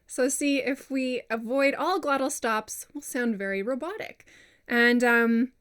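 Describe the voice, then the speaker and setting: A woman's voice: on the high side, normal speed. A woman voiceover coach giving a casual lesson, chatty and self-deprecating, who says example words aloud to demonstrate them. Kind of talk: casual instructional talk.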